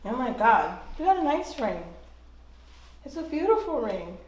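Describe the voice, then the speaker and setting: A woman's voice: high-pitched, very animated, normal speed, darkish tone. A woman reacting to being proposed to, laughing, gushing and repeating herself in disbelief. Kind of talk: emotional unscripted reaction. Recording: echoey room, voice from a distance.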